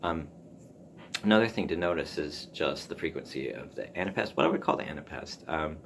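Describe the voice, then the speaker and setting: A man with a very deep, gravelly voice thinks out loud on his own podcast, halting often and circling back with ums. There is a faint hiss behind him. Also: expressive. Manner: musing, halting, with frequent ums and restarts. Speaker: podcast host. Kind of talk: casual solo talk on writing.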